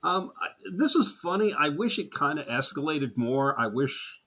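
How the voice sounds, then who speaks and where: Male podcast co-host, bright tone with lively pitch swings, casual and laughing. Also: moderate pace. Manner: animated, laughs often, acts out quotes. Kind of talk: casual chat.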